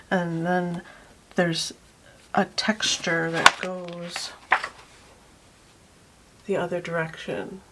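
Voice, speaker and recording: Slow, soft-whispering woman. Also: fairly low pitch, slight background noise. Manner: slow, soft-spoken, often drops to a whisper while working; calls her quiet talk her calm thinking voice. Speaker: art channel host. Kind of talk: paint-along narration.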